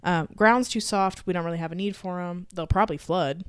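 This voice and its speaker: A woman from Texas with a Texan accent, co-hosting a podcast and telling family stories in an animated, casual way with some swearing. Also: lowish voice, a little fast, clean tone, no echo, studio quality. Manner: animated storytelling with swearing and laughter. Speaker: podcast co-host. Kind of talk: casual chat.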